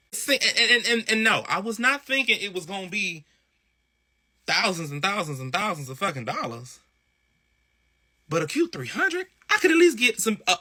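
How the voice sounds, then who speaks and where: A man's voice: high-pitched, sharp tone. A man in a ranting social media clip, exasperated and profane, stammering and repeating himself.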